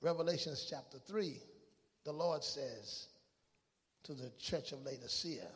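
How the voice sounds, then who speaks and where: A man preaching a fervent sermon in a church, swinging between hushed murmurs and shouted, repeated questions. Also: on the high side, a little slow, long reverb tail. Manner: fervent, repetitive preaching cadence. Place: church sanctuary.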